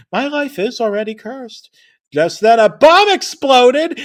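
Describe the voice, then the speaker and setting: A man narrating a comedic horror-parody story with crude, rambling, self-deprecating jokes. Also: high voice.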